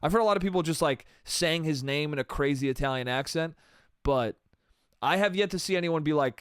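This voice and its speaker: A man's voice: on the high side, brisk, clean tone, no echo, clean studio sound. A man hosting a solo comedy podcast, rambling casually and swearing, with "dude" and "bro" at the end of his sentences. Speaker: podcast host.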